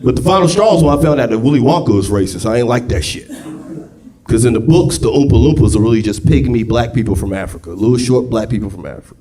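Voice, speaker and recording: A young man performing a crude, excitable stand-up set, on a comedy club stage with a handheld mic. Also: mid-range voice, fast. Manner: loud, crude, excitable storytelling. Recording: live club with loud crowd. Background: audience laughing.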